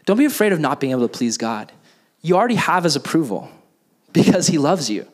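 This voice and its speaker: A man's voice: on the high side, very animated, fast. A young man preaching a youth sermon in a casual style, full of fillers like "like", and then leading a closing prayer. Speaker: youth pastor.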